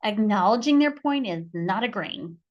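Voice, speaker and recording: A woman's voice: mid-range voice, animated, normal speed, muffled recording. A middle-aged woman mediator teaching conflict skills, stressing her points by repeating key phrases. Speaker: mediator and conflict resolution instructor. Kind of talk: podcast teaching talk.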